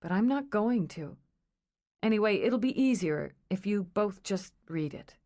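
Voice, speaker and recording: A woman's voice: medium pitch, lively intonation, unhurried, mellow. A woman voicing a shaken, earnest young woman.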